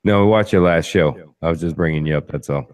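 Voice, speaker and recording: A man's voice: deep voice, fast. A man hosting a podcast, chatting casually and joking and teasing his guests. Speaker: podcast host. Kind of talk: casual chat.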